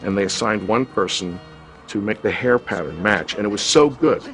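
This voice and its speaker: A man in his fifties, an actor telling a reflective, unhurried anecdote from a film shoot in an interview. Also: fairly low pitch, a bit bright, soft background music.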